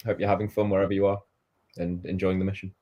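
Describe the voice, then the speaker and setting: A man's voice: low voice, little pitch movement, quick pace, highs cut off. A man in casual chat, cracking dry jokes. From Canada.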